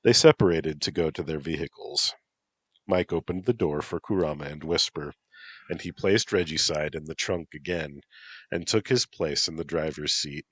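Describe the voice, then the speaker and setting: A man narrating a fantasy story in a steady, matter-of-fact reading. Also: low-pitched, dry recording. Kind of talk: audiobook narration.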